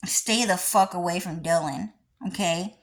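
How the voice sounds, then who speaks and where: A woman vlogging in a rambling, profane monologue, repeating herself and swinging between low mutters and shrill high outbursts. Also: a little slow.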